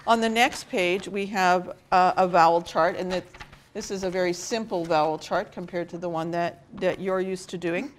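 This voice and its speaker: A woman's voice: on the low side, fairly even intonation, normal speed, slight background noise. A woman teacher leading a classroom phonics lesson, praising the students and giving instructions. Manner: encouraging, directing the class.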